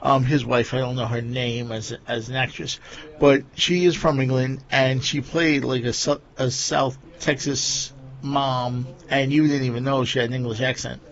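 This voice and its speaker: A man's voice: medium pitch, steady tone, moderate pace, gravelly, lo-fi sound. A man with a Long Island New York accent, hosting a casual chat and rambling with lots of fillers. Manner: rambling, many fillers like "you know" and "like".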